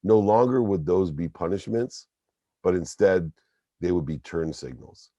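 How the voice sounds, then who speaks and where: Deep-voiced man telling a personal story. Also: measured pace, dry recording. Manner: emphatic, animated storytelling. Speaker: guest. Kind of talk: storytelling interview.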